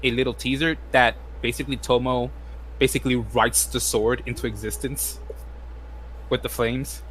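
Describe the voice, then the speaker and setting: A man joining a casual live-stream chat, speaking in a loose way full of fillers. His pitch sits in the middle, and a faint hiss runs under his voice. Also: moderate pace, rough recording. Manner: relaxed, filler-heavy explaining.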